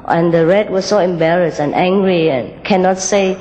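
Give me a woman giving a spiritual talk with a fable, gentle and laughing, in a reverberant hall. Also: lowish voice, normal speed, muffled recording. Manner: gentle, laughs often, unpolished English grammar.

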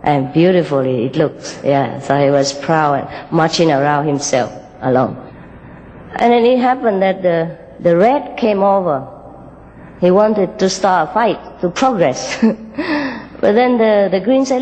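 A woman telling a moral fable and giving a spiritual talk, gently and with frequent small laughs, in loosely built English. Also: fairly low pitch, lively intonation, a little slow, big-room sound, rough recording. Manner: gentle, laughs often, unpolished English grammar.

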